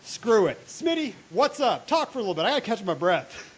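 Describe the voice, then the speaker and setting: A young man hosting a casual fantasy football podcast, loud, excitable and profane. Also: sits high, fairly quick, husky. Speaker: podcast host.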